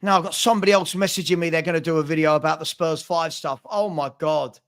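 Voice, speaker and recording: A man with a fairly high voice chats on a casual football live stream. He gets worked up and exasperated, repeating himself and restarting sentences as he goes. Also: steady tone, fast, a bit bright. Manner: exasperated, repetitive, stumbling restarts. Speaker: football channel host.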